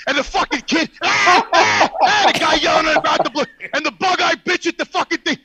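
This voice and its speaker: An older man telling a loud, swearing story on a podcast and acting out the other people in it. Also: very high-pitched, brisk, few pauses, very noisy. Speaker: podcast regular. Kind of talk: profane storytelling.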